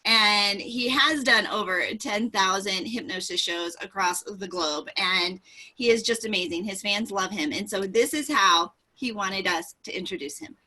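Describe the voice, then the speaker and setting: A woman's voice: medium pitch, a little slow, sharp tone. A woman co-hosting a morning talk show, chatty and upbeat, introducing a guest and retelling little stories. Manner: chatty and upbeat, quoting others with a laugh. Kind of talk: casual chat.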